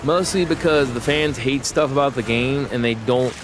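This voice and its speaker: A man's voice: medium pitch, normal speed, over music. A man streaming a video game, telling a long family story in a rambling way and correcting himself as he goes. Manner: rambling, self-interrupting storyteller. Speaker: gaming streamer. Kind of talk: casual storytelling while livestreaming a game.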